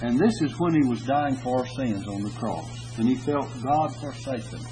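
An earnest male preacher of middle pitch delivers a sermon. He swells and slows on scripture quotes, then drops back to plain teaching. Frequent "uh" pauses break up his thoughts. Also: over music, rough recording.

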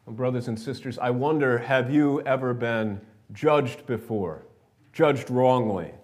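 An American pastor from New York leads a service in a church sanctuary, reading scripture, praying, and then preaching to his congregation in a conversational, storytelling style. His voice is medium-pitched and darkish, and he speaks at a measured pace.

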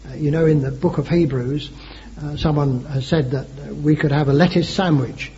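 A man's voice: fairly high pitch, steady tone, normal speed, dark tone. A man preaching an earnest sermon, building to emphatic rising phrases with frequent hesitations and repeated words. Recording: dull lo-fi sermon recording.

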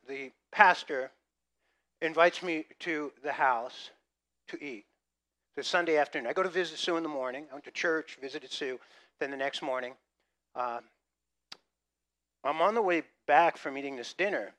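A man's voice: a little high, fairly bright tone. A middle-aged male pastor preaching a sermon, telling jokes and acting out funny stories from his own life. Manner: storytelling with jokes and acted-out gasps.

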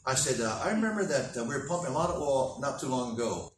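A man's voice: medium pitch, expressive, quick pace, distant mic, a little hiss or hum. A man preaching, telling a folksy story full of quoted back-and-forth. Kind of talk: sermon storytelling. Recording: echoey room, from the mic.

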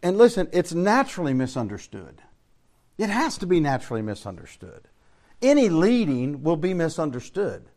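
An older pastor teaches a Bible study, preaching in a folksy, storytelling style that swings between loud emphasis and quiet asides. His voice is a little high.

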